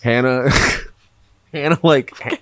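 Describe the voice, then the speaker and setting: A man's voice: medium pitch, slow pace, a bit bright, dry recording. A man hosting a podcast in casual chat, laid-back and rambling, swearing freely. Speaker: podcast host.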